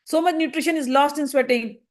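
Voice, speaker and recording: A woman's voice: high voice, a little fast. A woman explaining a spiritual text, pressing her listener with repeated rhetorical questions. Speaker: scripture teacher. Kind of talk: spoken commentary on a spiritual text.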